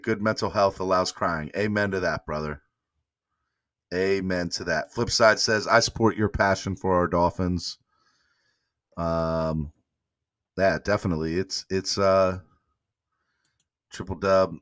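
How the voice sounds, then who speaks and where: A man's voice: low voice, fairly bright tone, no room sound, studio quality. A man hosting a live fan morning show, talking emotionally and rambling as he thanks viewers and reads their comments aloud. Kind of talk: casual live-stream chat.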